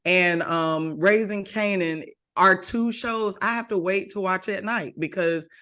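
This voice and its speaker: Bright, animated woman podcast host. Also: mid-range voice. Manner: animated, quick to laugh. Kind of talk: casual chat.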